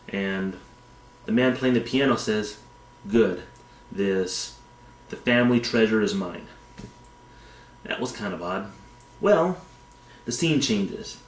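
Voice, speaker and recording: A man casually retelling a long dream in a rambling, tangential way from a dim room, speaking as a vlogger. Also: mid-range voice. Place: dim indoor room, backlit. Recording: echoey room.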